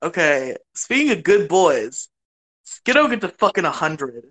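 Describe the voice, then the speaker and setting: A podcast co-host in casual chat, giggly and gushing with excitement. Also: mid-range voice, a little slow.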